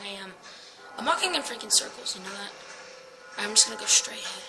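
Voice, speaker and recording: A woman's voice: medium pitch, expressive, a little fast, long pauses, rough recording. A woman hosting a horror game let's play, jumpy and panicky, swearing and talking to her viewers. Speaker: gaming channel host. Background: game music.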